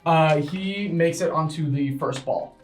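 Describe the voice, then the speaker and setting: A man narrating a tabletop game as game master, in a brisk, easygoing way with many fillers. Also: a little high, faint music behind. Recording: echoey room, far from mic.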